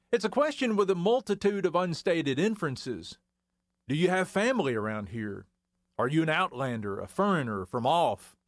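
A man from the Arkansas Ozarks, reading a scripted radio essay as a historian in a measured, wry storytelling manner. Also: medium pitch, no echo, studio quality.

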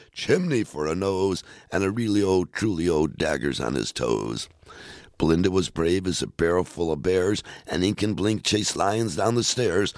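A man hosting a radio show, reading children's poems aloud in a playful, expressive way. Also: sits low, no room sound, studio quality.

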